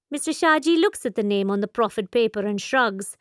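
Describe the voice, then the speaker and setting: A woman narrating an audiobook in a calm, even storytelling manner. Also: a little high, a little fast, hardly any pauses, no room sound, studio quality.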